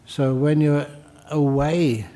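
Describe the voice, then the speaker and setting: An older man, a Buddhist monk teaching meditation, gives a conversational dharma talk and answers questions in a slightly high, mellow voice. He speaks slowly with fairly even intonation, adding jokes and repeating phrases for emphasis.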